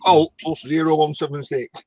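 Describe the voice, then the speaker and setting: A man's voice: fairly high pitch, fairly even intonation, crowd noise. A man co-hosting a casual livestream, teasing his friend and reading out the chat. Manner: slow, teasing, reads chat aloud.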